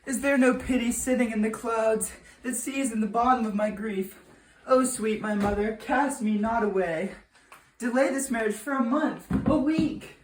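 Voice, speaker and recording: A woman's voice: fairly high pitch, normal speed, natural voice. A woman playing a desperate, defiant young noble daughter in an amateur Shakespeare reading, earnest and pleading. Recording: roomy echo.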